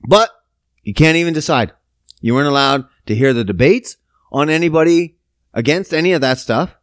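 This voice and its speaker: A man's voice: fairly high pitch, normal speed, a bit bright, no room sound. A man, hosting a podcast, ranting about politics, sarcastic and swearing constantly. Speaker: podcast host. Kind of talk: profane political rant.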